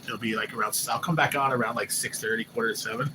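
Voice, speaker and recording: Excitable male livestream host, noisy room. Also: medium pitch, fast talker. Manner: loose, excitable, swears casually, quotes others in lifted voices. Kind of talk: casual live-stream chat. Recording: noisy background hum.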